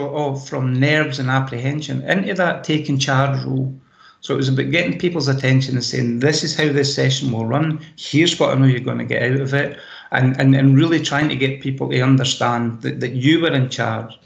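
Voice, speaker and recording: A Scottish man runs an online training session in a chatty, practical way, sharing anecdotes as he goes. His voice has a slight gravel to it. He is picked up through a laptop mic in a room with a noticeable echo. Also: medium pitch. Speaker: presentation skills trainer. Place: home room. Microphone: laptop microphone on a video call.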